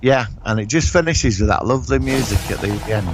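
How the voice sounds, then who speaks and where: A man's voice: medium pitch, animated, brisk, music in the background. A man, co-hosting a casual podcast and telling a rambling comic story with lots of restarts. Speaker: podcast co-host. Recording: noisy home recording.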